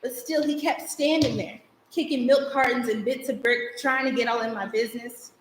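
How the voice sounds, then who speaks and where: Spirited girl telling her story on stage, a young woman acting it, fairly high voice, echoey live room, faint hum. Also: steady tone, normal speed, close to an everyday voice. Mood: storytelling. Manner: vivid, rhythmic storytelling with shifting emphasis. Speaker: stage actor. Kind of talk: theatrical monologue. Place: theater stage.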